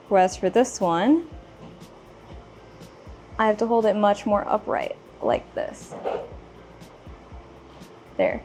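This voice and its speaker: A woman's voice: medium pitch, darkish tone, slight background noise. Chatty woman demonstrating a pen. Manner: chatty, explains step by step, self-deprecating. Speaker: stationery shop presenter. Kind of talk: casual product demonstration.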